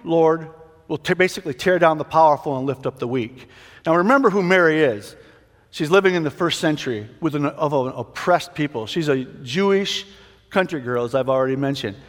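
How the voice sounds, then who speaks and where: A man teaching a Bible passage in a casual sermon, conversational and prone to restarts. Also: on the high side. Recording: long hall reverb.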